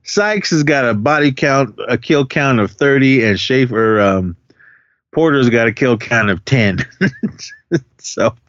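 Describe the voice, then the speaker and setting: A man's voice: medium pitch, animated, a little slow, fairly bright tone, no echo. Chatty, laughing podcast co-host man. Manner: rambling, laughs often, filler-heavy. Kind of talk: casual chat recapping a film. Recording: dry, dull lo-fi sound.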